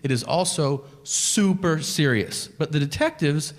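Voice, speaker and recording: A man performing a stand-up comedy routine, telling stories in an animated way and acting out voices. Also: a little high, measured pace. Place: theater stage before a live audience. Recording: echoey venue with audience noise. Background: audience laughter.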